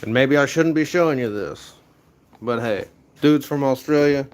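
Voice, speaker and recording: A man's voice: medium pitch, normal speed. Upbeat young man streaming from his garage. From USA. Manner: rambling, upbeat motivational, talks to chat. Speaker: livestreaming garage vlogger. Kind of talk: casual live-stream chat while organizing tools. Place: home garage.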